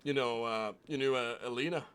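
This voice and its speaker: A man's voice: medium pitch, steady tone, brisk, fairly bright tone, clear, resonant tone. A man streaming a western roleplay game, chatting casually, laughing often and swearing freely. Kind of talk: casual chat while playing a roleplay game.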